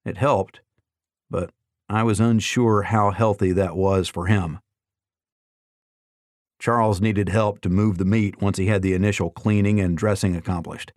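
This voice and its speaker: A man narrating an audiobook in a steady, even reading. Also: fairly low pitch, dry recording, clean studio sound.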